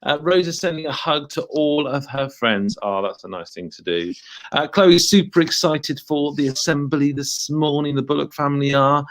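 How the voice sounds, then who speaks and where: A man's voice: fairly high pitch, moderate pace. A British man hosting a live school assembly as headteacher, cheerfully greeting viewers by name. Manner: cheerful, reads out viewers' hellos.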